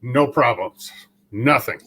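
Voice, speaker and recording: A man's voice: mid-range voice, expressive, slow pace, sharp tone, slightly rough, low-quality recording. A man co-hosting a casual live-stream chat, reading out chat comments in a dry, matter-of-fact, teasing way.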